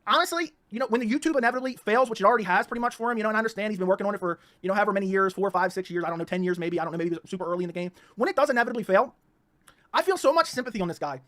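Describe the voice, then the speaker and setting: Man, Baltimore accent, rapid-fire heated rant, mocking and repetitive, channel host. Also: sits high, fairly bright tone. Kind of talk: ranting monologue.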